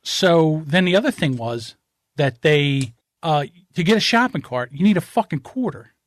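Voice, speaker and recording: A man's voice: fairly high pitch, animated, normal speed. A man on a podcast, blunt and profane, acting mock-outraged in casual banter. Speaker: podcast co-host. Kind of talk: casual chat.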